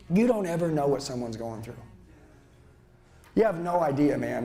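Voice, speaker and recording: A man's voice: fairly high pitch, lively intonation, normal speed, warm tone, soft background music. A middle-aged man giving a profane, intense motivational seminar speech as a sales trainer, lecturing a live audience on a handheld mic.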